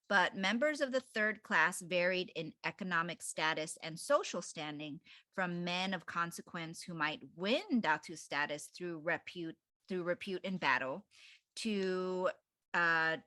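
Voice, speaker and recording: A woman co-hosting a casual book club podcast, her voice bright and somewhat low for a woman. She reads passages aloud with hesitant fillers. The recording is dry and close. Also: dry recording. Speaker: podcast co-host.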